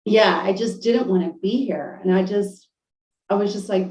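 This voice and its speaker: A middle-aged woman telling a deeply emotional personal story on a podcast, halting, with many fillers and restarts. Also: darkish tone, a little hiss or hum. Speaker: podcast guest. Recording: roomy, distant, dull lo-fi audio.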